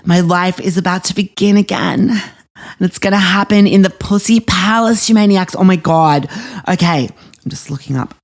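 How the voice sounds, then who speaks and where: A man's voice: sits high, normal speed, creaky. A man voicing a spoiled, dramatic young Australian woman who gushes, gasps and swears through a comedy podcast monologue. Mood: giddy. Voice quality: gushing, breathless, swears constantly, lots of gasps. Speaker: podcast host character.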